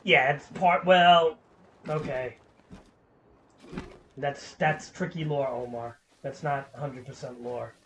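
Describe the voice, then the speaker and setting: A man's voice: mid-range voice, steady tone, slow pace, pauses often, a bit bright, a little hiss or hum. A man streaming a game, chatting in a casual, rambling way, swearing freely and filling with "like". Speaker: gaming streamer.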